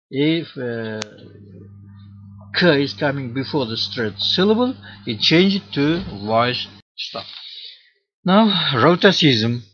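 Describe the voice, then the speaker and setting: A man giving an academic lecture on historical linguistics, speaking haltingly with many pauses and fillers. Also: medium pitch, a bit bright. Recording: dull lo-fi recording.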